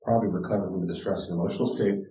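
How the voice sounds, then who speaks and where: Low-voiced man teaching in an echoey room. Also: very fast, soft background music. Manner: animated, restarts often, swings from low asides to loud emphasis. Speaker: counselor teaching a parenting class. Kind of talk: informal teaching talk with personal stories. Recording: echoey room, distant mic, dull sound.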